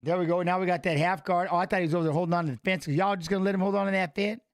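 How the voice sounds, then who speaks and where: A man's voice: high voice, fairly even intonation, very fast. A man hosting a fight watch-along, mixing blunt, profane life stories with casual live commentary.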